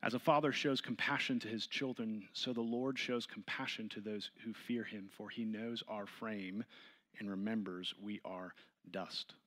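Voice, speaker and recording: A man's voice: steady tone, moderate pace, a bit bright. Man leading a Bible study. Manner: reads scripture aloud, then explains it and asks the group questions; rises in pitch and volume when stressing points.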